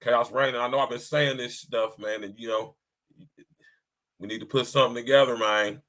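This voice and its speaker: A podcast host chats in a casual, hyped way on a stream, his medium-pitched voice steady, fairly bright, and at normal speed. He repeats himself a lot and keeps ending lines with "man."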